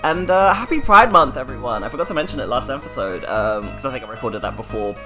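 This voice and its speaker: A woman's voice: extremely low pitch, animated, fast talker, music in the background. A woman chatting casually as a let's-play host, rambling with many fillers and laughs. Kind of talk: casual chat.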